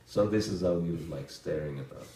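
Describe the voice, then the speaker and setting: Deep-voiced man telling a story in a roomy hall. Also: brisk, far from the mic, slight background noise. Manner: relaxed anecdotal storytelling with fillers and chuckles. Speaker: monk giving a talk. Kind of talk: storytelling lecture.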